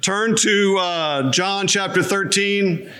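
A male pastor welcoming his church and telling a made-up comic story in a chatty, deadpan way, with fillers and restarts. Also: high voice, slow pace. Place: church sanctuary.

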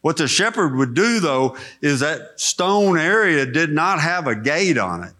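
A man's voice: fairly high pitch, big pitch swings, measured pace, pushed and bright. A middle-aged man preaching a sermon in an auditorium, folksy and conversational, telling personal stories. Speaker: preacher and director of chaplaincy.

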